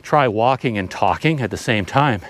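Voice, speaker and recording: A man's voice: on the low side, expressive, normal speed. A man talking casually while climbing an outdoor trail, out of breath and rambling, recorded on his handheld camera. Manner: rambling, self-deprecating. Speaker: travel vlogger. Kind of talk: casual vlog talk while hiking.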